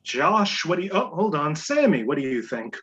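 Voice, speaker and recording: Guy hosting a trivia show, husky lively voice, laughs a lot. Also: a little high, moderate pace, muffled recording. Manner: laughs easily, reads clues aloud. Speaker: game show host.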